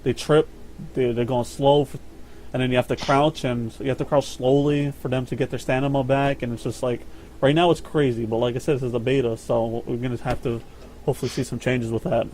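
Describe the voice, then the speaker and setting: A man's voice: mid-range voice, steady tone, fairly quick, a little mellow. A man talks through a gameplay breakdown in a loose, rambling podcast style. He swears freely and stumbles over his words, with a faint hiss behind his voice. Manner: rambling, profane, repeats words. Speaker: podcast host. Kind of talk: casual gaming chat.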